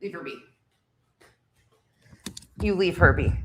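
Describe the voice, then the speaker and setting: A woman's voice: low voice, expressive, unhurried, pauses often, a little hiss or hum. A woman filming a casual home vlog, talking to her dogs in cooing baby talk and swearing offhandedly. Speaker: vlogger. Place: home living room with dogs.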